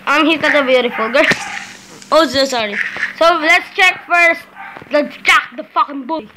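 A woman hosting a casual game roleplay video, talking in a halting way with many pauses and sudden excited exclamations. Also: high voice. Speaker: Minecraft roleplay video host. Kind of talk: casual gameplay roleplay commentary. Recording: noisy with clicking in background.

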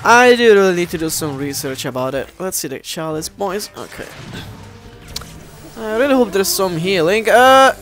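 A man giving let's play commentary, animated and easily exasperated, often addressing viewers as guys. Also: high voice, moderate pace, faint music behind. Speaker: gameplay commentator.

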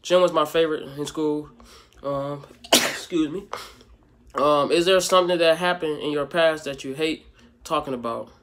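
Faint music plays behind a young man vlogging answers to fan questions. His voice is on the high side and fairly bright, at normal speed, and he rambles casually with lots of fillers.

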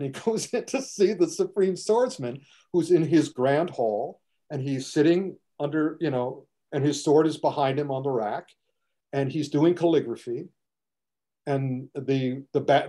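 Older man telling animated stories. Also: on the high side. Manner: animated storyteller acting out scenes. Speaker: martial arts film critic. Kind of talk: casual chat.

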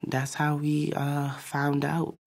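A young woman giving a halting, reflective personal testimony for a documentary, often pausing on "like" and "you know.". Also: low voice, completely flat delivery, crowd noise. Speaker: interviewee.

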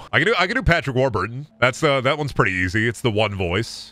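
A man's voice: mid-range voice, expressive, fast, few pauses, sharp tone, no echo. A young man streaming a game, chatting casually in a joking, profane, self-mocking way. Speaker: gaming streamer. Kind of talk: casual live-stream chat.

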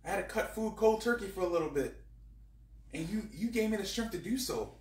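Earnest praying guy, kinda high bright voice, far from the mic. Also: expressive, a little fast. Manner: earnest, repeating thanks. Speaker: prayer leader. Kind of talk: spoken prayer. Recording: echoey room from far off, faint noise.

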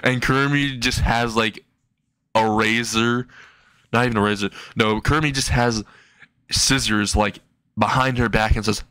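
A man's voice: medium pitch, moderate pace, fairly bright tone, no echo. Man for a loose, rambling comic fan story read, dry and close. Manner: rambling, laughs at his own jokes. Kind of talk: casual comedic storytelling.

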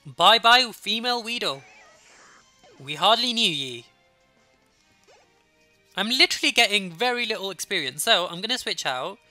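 Brummie Let's Play host, young adult, sniffly, chatty with viewers, bright sharp tone. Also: mid-range voice, animated, normal speed, pauses often, no room sound, faint music behind. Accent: Birmingham. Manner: chatty, talking to viewers while playing. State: sniffly with a runny nose. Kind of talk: casual gameplay commentary.

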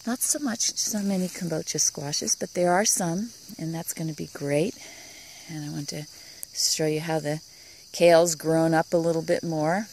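A woman with a low voice and a gravelly edge leads a relaxed tour of her outdoor vegetable garden, admiring each plant in a soft, hushed way that sometimes drops to a whisper. She is recorded on a handheld camera outdoors, with faint crickets and insects behind her. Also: moderate pace, slight background noise. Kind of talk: casual garden tour vlog.

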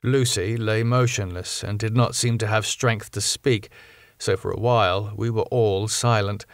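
A man narrating a classic novel in a measured, clear storytelling manner. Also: on the low side, fairly even intonation, no echo, clean studio sound. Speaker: audiobook narrator. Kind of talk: scripted narration.

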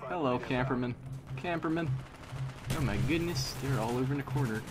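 A man's voice: medium pitch, brisk. A young man giving live gameplay commentary, playful and goofy, chatting to himself and teasing his opponents. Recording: noisy game audio behind. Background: game gunfire and explosions.

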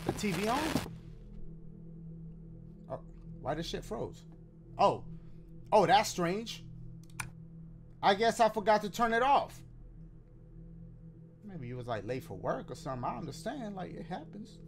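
Slangy high-voiced man playing a game. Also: big pitch swings, measured pace, long pauses, music in the background. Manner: slangy, joking, talks to the viewers. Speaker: gaming YouTuber. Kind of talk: let's play commentary.

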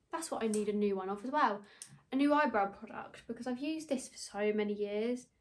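Chatty young woman, rambling. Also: on the high side. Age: young adult. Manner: rambling, gossipy storytelling. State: slightly tipsy. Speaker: beauty vlogger. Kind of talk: chatty get-ready-with-me vlog.

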